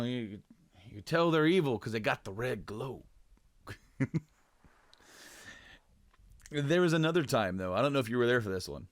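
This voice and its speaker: A man's voice: lowish voice, fairly bright tone, dry recording, studio quality. A man co-hosting a casual podcast, telling a rambling story with frequent laughs and restarts. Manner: rambling, laughs often, lots of fillers and restarts. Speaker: podcast co-host.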